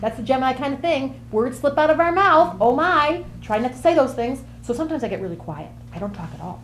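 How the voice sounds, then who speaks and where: In a high-pitched voice with lively intonation and a fairly quick delivery, a woman performs a bubbly, quirky Gemini character who bores easily and jumps from subject to subject in a chatty comic monologue. Slight hiss or hum sits under the audio.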